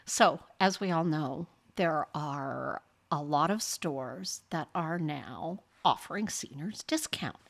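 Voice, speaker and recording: An older woman hosts a podcast, frankly telling personal stories in a monologue and animatedly acting out what others said, often laughing. She speaks slowly in a low, creaky voice.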